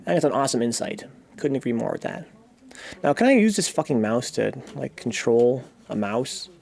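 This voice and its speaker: A young man hosting a casual stream, excitable and jokey, swearing freely as he chats to viewers at his computer. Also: medium pitch, moderate pace, vocal fry. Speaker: streamer hosting a movie-watching show. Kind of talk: casual livestream chat.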